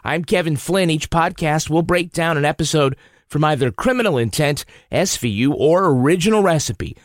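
Lively, expressive podcast host man. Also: fairly high pitch, moderate pace, no room sound, clean studio sound. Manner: playful, laughs easily. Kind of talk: casual podcast chat.

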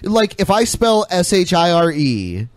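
Halting, stammering podcast man. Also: high-pitched, sing-song, no room sound. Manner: halting, repeats words while ranting. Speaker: podcast co-host. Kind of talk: casual podcast banter.

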